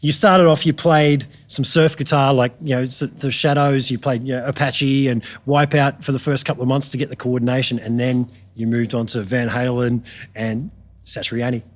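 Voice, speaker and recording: A middle-aged Australian man, a guitarist guest telling frank, animated stories in a casual chat. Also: medium pitch, normal speed. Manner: animated storyteller, frank and chatty.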